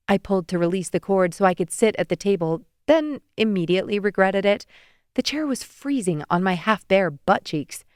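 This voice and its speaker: A woman's voice: lowish voice, lively intonation, normal speed, smooth, no echo. A young woman narrating a romance audiobook in the first person, wry and intimate, on a close studio mic.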